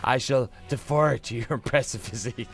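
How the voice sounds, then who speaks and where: A man's voice: medium pitch, brisk, faint music behind, natural voice. A man doing a pompous villainous doctor. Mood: cornered. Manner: formal, pompous. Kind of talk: let's play reading a dating game.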